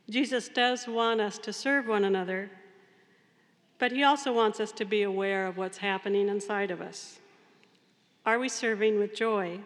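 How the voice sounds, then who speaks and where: A woman's voice: medium pitch, a bit bright. A woman priest giving a conversational, story-filled sermon. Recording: long reverb of a large hall.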